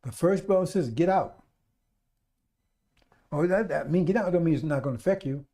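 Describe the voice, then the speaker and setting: In a brisk, expressive, slightly high voice, a man preaches on the radio with the fervor and repetition of a street preacher. Addressing his brothers and sisters, he builds up to loud exhortations.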